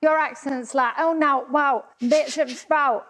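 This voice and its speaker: A woman putting on a mouthy East End soap character with a Cockney accent, mocking and teasing in a brash, rapid rant. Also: sits high, fairly even intonation, fairly bright tone. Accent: East London Cockney.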